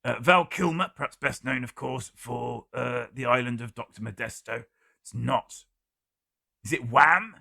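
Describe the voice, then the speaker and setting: A man hosts a live-streamed guessing game and reads out chat guesses with a wry, deadpan humor. His voice is gravelly with a husky edge and a bright, piercing tone. The sound is dry and close, with no room around it. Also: medium pitch, a little slow, no room sound.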